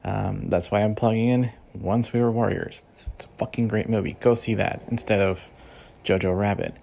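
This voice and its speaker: Gravelly, foul-mouthed man ranting. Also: on the low side, fairly even intonation, normal speed, dark tone, a little hiss or hum. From Mexican-American. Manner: heated, loose, heavy swearing and fillers. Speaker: podcast host. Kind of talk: profane casual rant.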